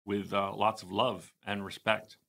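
A man's voice: fairly low pitch, level tone, a little slow, creaky, fairly bright tone. A man co-hosting a podcast, rambling and stumbling over words in a joking way. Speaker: podcast co-host. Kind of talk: casual podcast chat.

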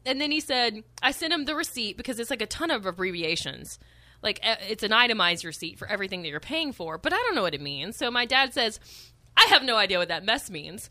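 A woman's voice: on the high side, expressive, quick pace, sharp tone. A young woman co-hosting a radio morning show, telling a story in casual chat, laughing and acting out other people's lines.

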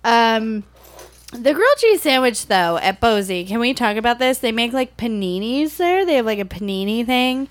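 A woman with a fairly high voice chats on a podcast in a loose, giggly way. She tells her stories with an animated bounce and laughs often. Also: normal speed. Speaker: podcast guest. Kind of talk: casual drinking-show banter.

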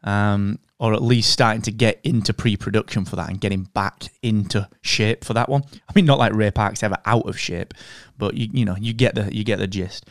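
Enthusiastic male podcast co-host, smooth resonant voice, dry studio sound. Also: on the low side, brisk, few pauses, no room sound. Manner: enthusiastic, says "mate" and "dude". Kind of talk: casual chat.

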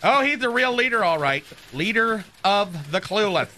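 A flamboyant, catty male receptionist gossips through one-sided phone chats, sharp and bright in tone, as a man acts him out. His voice sits high and lilting for a man. It is a radio comedy sketch bit. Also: lively intonation, normal speed, slight background noise.

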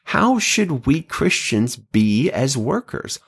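A man's voice: mid-range voice, sing-song, slow pace, creaky, a bit bright, breathy edge. A man giving an enthusiastic devotional Bible teaching, emphatic, with wry asides.

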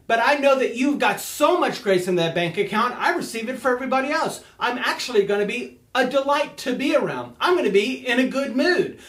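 A man preaching a casual sermon, excitable and animated, laughing often as he talks. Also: very high voice, reverberant.

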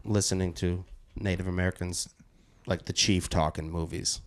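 Gravelly, low-pitched male co-host, jokey banter. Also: fairly even intonation, normal speed, a little hiss or hum. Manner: jokey, breaks into movie-quote impressions, swears freely. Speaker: podcast co-host. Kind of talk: casual chat.

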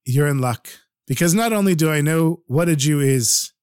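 Friendly waitress done by a man, brisk, confiding, raised pitch, dry sound. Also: animated, darkish tone, clean tone, no echo, lightly acted. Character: friendly knowing female waitress.

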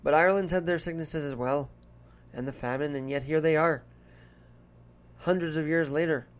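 A podcast host delivers a casual solo monologue in an affected Irish brogue, drifting chattily across topics. He talks at a normal speed in a voice that sits on the high side.

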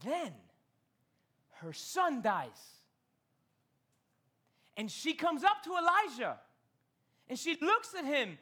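A man preaching a sermon in a church, telling Bible stories with animated delivery and acting out the characters. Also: very high-pitched, takes it slowly, long pauses. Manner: slips into Spanish phrases. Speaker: pastor.

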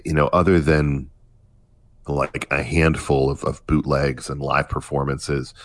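A man's voice: extremely low pitch, little pitch movement, a little slow. A man co-hosting a casual music podcast, thinking aloud with frequent restarts and fillers. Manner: hesitant, many restarts and fillers. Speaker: podcast co-host.

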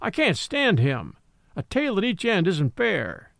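A man's voice: sits high, wildly swooping pitch, measured pace, creaky, fairly bright tone, dry recording, studio quality, exaggerated voice. A man doing a haughty Australian troop horse. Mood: weary. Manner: haughty, indignant. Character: proud quarrelsome male Australian troop horse.

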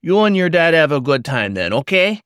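A folksy old timberwolf politician, as a male narrator puts him on talks in a jovial, chummy way, louder and higher than plain narration. This storybook figure is overbearing but friendly on the surface. The sound is dry and close. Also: big pitch swings, moderate pace, clear, resonant tone, no echo. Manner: chummy, hearty, raised voice. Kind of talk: storybook character voice.

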